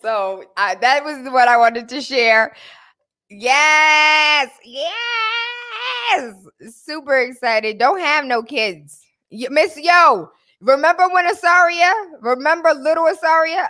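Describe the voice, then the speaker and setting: A woman hosting a show, chatting casually and telling animated stories full of slang. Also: high-pitched. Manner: animated storytelling, lots of laughter and slang. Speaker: host. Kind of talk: casual chat.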